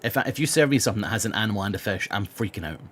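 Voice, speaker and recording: A man's voice: fairly low pitch, lively intonation, racing, fairly bright tone, husky. A young man streaming live and chatting with his viewers. He is blunt, rambles, swears freely and has a sore throat. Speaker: live streamer reading chat. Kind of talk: casual live-stream chat.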